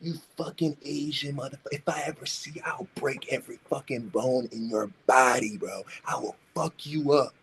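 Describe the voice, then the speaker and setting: A man's voice: mid-range voice, moderate pace, gravelly, hardly any pauses, a bit bright, slight background noise, pitched above the performer's own voice. A man putting on a snarling young bully. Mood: menacing. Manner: profane, menacing, taunting. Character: hostile young man spitting threats.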